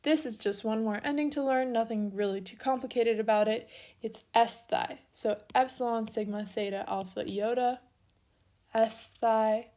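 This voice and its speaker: A woman's voice: a little high, normal speed, warm tone. A young woman giving a recorded grammar lesson, explaining each step patiently while she writes out examples. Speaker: teacher.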